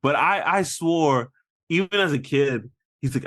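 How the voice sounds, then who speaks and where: A man co-hosting a casual movie review podcast, animated and laughing often as he acts out scenes. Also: a little high, a little slow. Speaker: podcast co-host.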